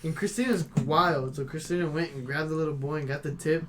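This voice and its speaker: A young man with a slightly higher voice tells profane, animated restaurant stories on a casual podcast. He acts out the people in his stories as he goes, over a faint background hum. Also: a little fast. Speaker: podcast co-host. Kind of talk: casual chat, storytelling.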